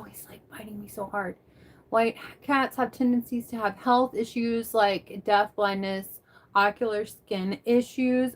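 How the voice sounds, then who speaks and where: A woman livestreamer chatting casually and rambling as she answers viewers by name. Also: on the high side. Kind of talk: casual chat reading live comments.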